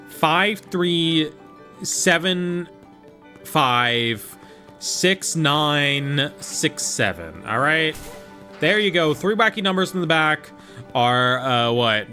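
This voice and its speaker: A man streaming a game, chatting casually and joking in quick, rambling asides to his viewers. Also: medium pitch, bright, forceful tone. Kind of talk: casual livestream chat while gaming.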